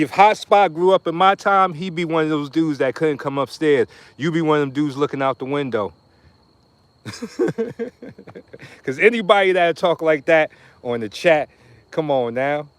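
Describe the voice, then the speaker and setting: A man, running a live workout stream outdoors. His voice sits a little high, and he banters with viewers, mocking them and breaking into loud calls and laughter. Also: no room sound. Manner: trash-talking, joking, loud bursts and laughter. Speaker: martial arts instructor streaming a workout. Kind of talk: casual live-stream banter while training.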